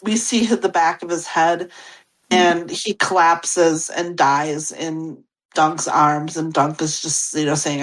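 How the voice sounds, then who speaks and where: A woman's voice: sits low, unhurried, poor audio. A woman co-hosting a podcast, talking casually and rambling with many fillers. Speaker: podcast co-host. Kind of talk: casual chat.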